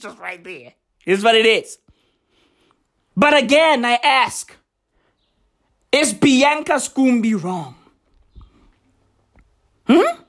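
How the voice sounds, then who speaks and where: Slow-talking man, profane and lively. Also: very high voice. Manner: profane, emphatic, keeps asking rhetorical questions. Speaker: vlogger reacting to tweets. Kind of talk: casual commentary vlog.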